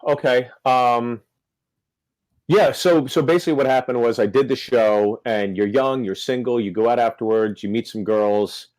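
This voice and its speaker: A man's voice: mid-range voice, normal speed, dry recording, rough recording. Guy comic spinning a story, acts out the quotes, dry close mic. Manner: animated storyteller acting out quotes. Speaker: comedian guest. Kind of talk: storytelling on a podcast.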